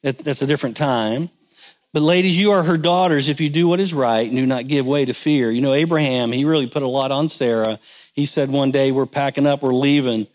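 A man's voice: medium pitch, brisk. A male pastor giving a folksy, conversational sermon on marriage, asking the congregation for responses.

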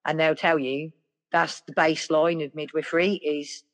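A middle-aged woman, a podcast guest telling stories in a lively, casual way. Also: low-pitched, normal speed. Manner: lively, acts out other people's voices. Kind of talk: casual storytelling.

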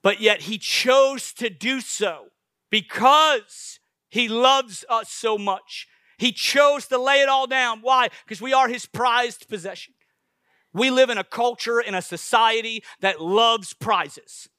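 A man preaching a sermon, swinging between loud bursts and hushed asides. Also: very high voice, slow, clean tone, dry recording, studio quality.

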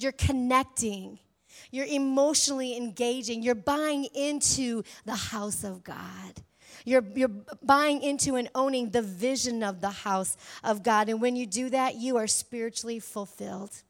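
A high-pitched woman preaches to her congregation with fervent emphasis. Her delivery rises into bold, loud declarations and then sinks to hushed, intimate passages. The sermon is delivered in a church setting. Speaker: pastor.

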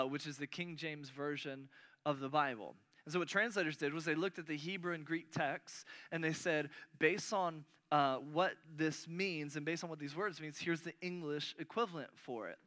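A man's voice: a little high, bright, forceful tone. A man preaching a sermon to a congregation in a conversational style, often restarting words and lifting his voice on key points. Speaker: pastor.

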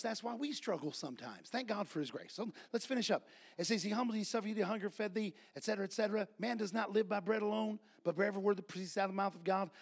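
A male pastor preaching a sermon, reading scripture and telling stories, building to loud shouts. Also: high voice.

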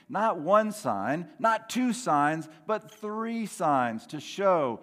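A middle-aged man delivers a sermon in a fairly high voice, taking his time over every phrase. He preaches earnestly, dropping soft and then rising loud for emphasis. His voice rings with the long reverb of a large hall. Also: very animated, takes it slowly, hardly any pauses. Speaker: pastor.

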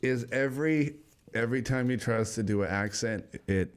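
A man's voice: medium pitch, normal speed, clear, resonant tone. A man chatting casually as a podcast host, with a dry, teasing manner. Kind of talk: casual chat.

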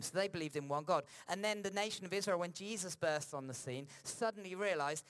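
Man preaching with lively, varied delivery. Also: fairly high pitch. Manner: swings between lively emphasis and slow, hushed reflection. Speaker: pastor. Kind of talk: sermon. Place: church.

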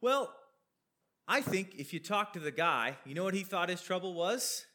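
A man's voice: high-pitched, lively intonation, normal speed, pushed and bright. A man preaching a sermon, explaining a Bible passage over slides in a conversational way, with questions and asides.

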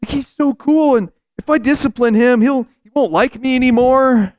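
A man's voice: very high voice, moderate pace, darkish tone, dull audio, voice pushed up. A man voicing the will as an anxious young man who wants to be liked. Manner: hesitant, worried, keeps pleading for reassurance.

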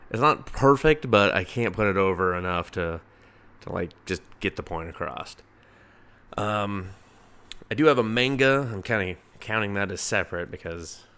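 A man's voice: low voice, bright, forceful tone, clean tone. A young man casually reviewing comic books, swearing freely, rambling, and laughing at his own jokes. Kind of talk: casual solo review podcast.

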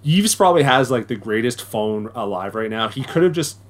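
A young man co-hosts a podcast in easygoing chat, his mid-range voice animated and brisk. He rambles, packs in fillers, and keeps restarting his sentences.

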